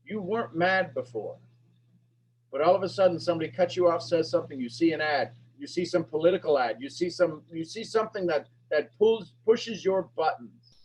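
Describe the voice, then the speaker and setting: A man coaching a sales master class, firing emphatic, repetitive questions at his audience and pushing his voice up toward a shout. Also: a little high, brisk, a little hiss or hum, poor audio. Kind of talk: animated teaching talk to an online audience.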